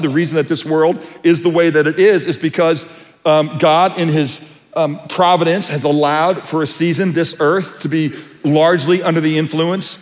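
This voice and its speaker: A man with a fairly high voice preaches a sermon in a big hall, his words trailing in a long reverb. He shifts from earnest explanation into animated storytelling, acting out quotes. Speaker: pastor.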